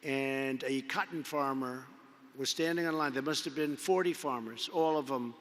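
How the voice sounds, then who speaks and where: A man's voice: mid-range voice, normal speed, a bit bright. A man giving an off-the-cuff political speech at a convention, rambling and repeating himself with conversational asides. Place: large indoor convention arena. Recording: long arena reverb from a PA.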